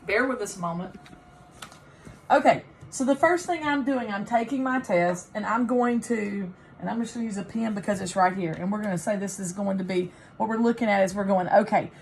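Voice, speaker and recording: A woman's voice: medium pitch, a little fast. A woman teacher demonstrating test-taking, thinking aloud as she works through a practice test. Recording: faint background noise.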